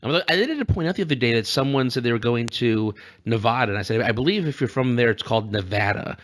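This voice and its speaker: A man's voice: mid-range voice, expressive, quick pace. A man co-hosting a casual political podcast, rambling and joking and laughing often. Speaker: podcast co-host.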